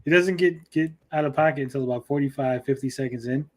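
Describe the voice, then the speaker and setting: A man's voice: mid-range voice, fast talker. Brief: male stream host, blunt and jokey, reads chat, swears casually. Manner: blunt, joking, swears freely. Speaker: show host reading chat.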